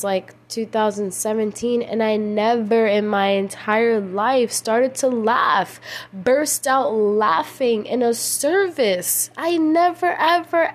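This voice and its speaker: A woman's voice: on the high side, a little mellow. A young woman hosting a casual faith podcast late at night, tired and emotional, rambling with slang and many restarts. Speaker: podcast host.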